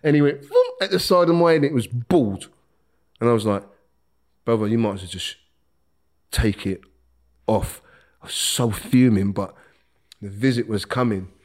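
A middle-aged man tells stories from his past in casual, animated speech. He acts out other people's lines and laughs as he talks. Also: medium pitch, normal speed, pauses often. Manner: animated, acts out quotes, laughs while telling. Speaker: guest. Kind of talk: casual storytelling.

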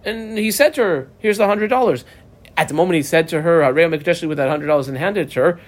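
A man's voice: a little high, quick pace. A man teaching Talmud in a casual lecture, reading through the text in a folksy way and mixing in Hebrew and Aramaic terms.

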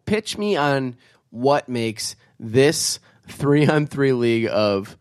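A man's voice: mid-range voice, drawn-out words, no room sound. Male podcast co-host, teasing interrogator, dry close sound. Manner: teasing, questioning. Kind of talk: casual banter.

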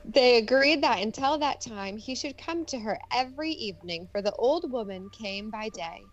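A woman podcast co-host reading a fairy tale aloud and chatting, animated and teasing. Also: fairly high pitch, moderate pace, highs cut off. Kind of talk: casual chat and storybook narration.

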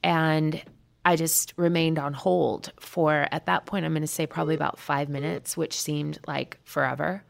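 Middle-aged woman, low gravelly voice, earnest storyteller. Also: fairly even intonation, normal speed. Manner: earnest, vivid, acts out quoted voices. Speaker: interview guest. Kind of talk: emotional personal retelling.

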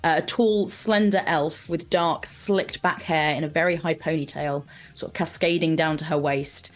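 A woman's voice: deep voice, fairly even intonation, moderate pace. A British woman who narrates a science-fiction tabletop game as game master and voices its non-player characters.

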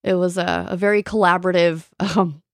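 A woman's voice: on the low side, steady tone, a little fast, no room sound, studio quality. A woman co-hosting a podcast in casual chat, telling bubbly, gossipy stories and mimicking people. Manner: bubbly, gossipy storyteller who swears and mimics others. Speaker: podcast co-host.

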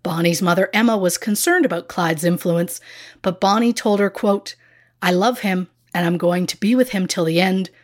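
A woman's voice: on the low side, normal speed. A woman co-hosting a casual true crime podcast, telling the story in a chatty, self-deprecating way. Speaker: podcast co-host.

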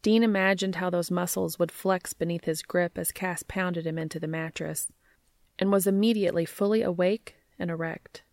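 A woman reading romantic fiction aloud in a steady, measured way. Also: fairly low pitch, dry recording, studio quality. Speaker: narrator.

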